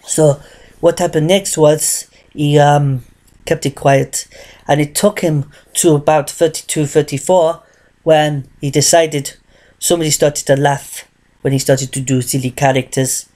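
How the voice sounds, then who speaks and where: Rambling man telling a story, slightly high voice. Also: steady tone, a little slow, darkish tone. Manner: rambling, repetitive, restarts phrases, tells his story in third person. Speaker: vlogger. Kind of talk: casual storytelling monologue.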